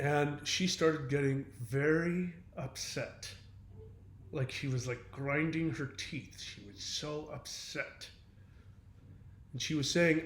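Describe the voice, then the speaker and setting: Earnest man explaining, echoey room. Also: medium pitch. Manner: earnest, explanatory, frequent fillers and restarts. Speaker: self-help channel host. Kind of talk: casual monologue to camera.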